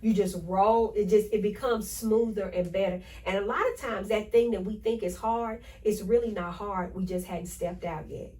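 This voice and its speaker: A woman hosting a motivational podcast, talking in an energetic, preachy way and repeating affirmations to her listeners. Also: mid-range voice, moderate pace, few pauses, recorded from a distance, poor audio. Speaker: podcast host.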